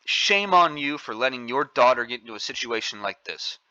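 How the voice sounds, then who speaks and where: A man's voice: mid-range voice, lively intonation, brisk, sharp tone, dry recording, dull audio. A man hosting an angry opinion commentary, scolding and indignant, repeating his points. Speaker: commentary channel host.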